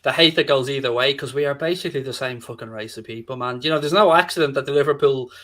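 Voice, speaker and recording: A man's voice: mid-range voice, fairly bright tone. An Irish man in his thirties co-hosting a casual football podcast, telling stories with swearing and banter. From Ireland. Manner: fast, swearing, storytelling banter. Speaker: podcast co-host.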